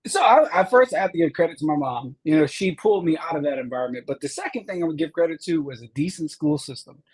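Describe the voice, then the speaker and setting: A man's voice: a little high, animated, fast, slightly rough, poor audio. A man from Chicago, a state representative, telling his life story earnestly in an interview. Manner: earnest storyteller, acts out quoted teachers. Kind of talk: interview conversation.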